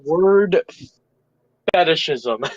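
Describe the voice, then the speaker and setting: A man chats as a livestream guest, speaking slowly and stumbling over his words. His voice is fairly high. The sound is dry and a bit dull, like a remote call. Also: lively intonation, no room sound. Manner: slow, stammering, agreeing. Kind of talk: casual political chat.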